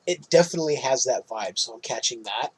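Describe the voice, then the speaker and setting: A man's voice: medium pitch, lively intonation, quick pace, husky, rough recording. A man hosting a podcast, chatting casually through a movie recap, swearing freely and laughing often. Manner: swears freely, laughs at his own jokes. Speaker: podcast host.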